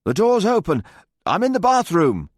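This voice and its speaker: A man's voice: mid-range voice, huge pitch swings, moderate pace, slightly rough, no room sound, studio quality. A man voicing an amused, detached young man in an audiobook, light and teasing. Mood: shouting.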